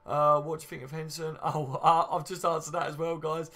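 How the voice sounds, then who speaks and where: A man hosts a casual fan live stream, answering viewer comments one after another. His voice sits a little high and sounds bright and forceful. He talks in loose, friendly banter. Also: level tone, brisk. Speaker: fan channel host.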